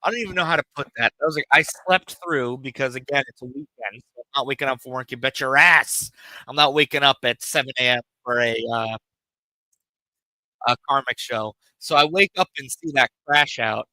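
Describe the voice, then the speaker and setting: Bright-voiced, rambling male streamer. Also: medium pitch, fairly quick, dry recording, low-quality recording. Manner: rambling, profane, emphatic. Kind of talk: casual live-stream rant.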